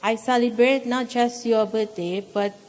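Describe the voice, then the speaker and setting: Slow, emotional woman giving a speech. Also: a little high, fairly even intonation, a little mellow, long reverb tail. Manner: emotional, halting, tearful at times. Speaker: daughter giving a birthday speech. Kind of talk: heartfelt speech at a temple gathering. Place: temple hall.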